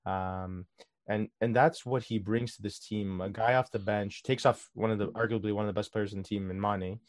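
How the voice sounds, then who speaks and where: A man co-hosting a casual football talk show, giving animated analysis with lots of "uh" and "um". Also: fairly low pitch, normal speed, no room sound, clean studio sound. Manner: animated, filler-heavy analysis. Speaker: co-host.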